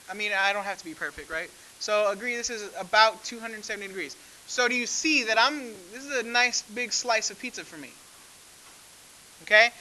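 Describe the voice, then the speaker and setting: A man's voice: high-pitched, sharp tone, low-quality recording. A man teaching a math class, talking conversationally and asking the class frequent questions. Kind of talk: classroom lecture.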